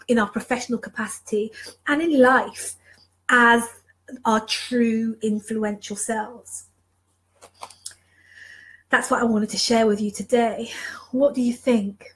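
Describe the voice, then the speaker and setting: A woman's voice: a little high, poor audio. A woman leadership mentor giving an emotional, passionate motivational talk, repeating phrases for emphasis. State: emotional, moved. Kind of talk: motivational live talk to viewers.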